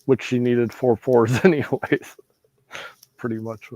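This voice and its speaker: A player in a casual chat during an online dice game, easygoing and quick to laugh. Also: mid-range voice, fairly even intonation, mellow, no room sound, lo-fi sound.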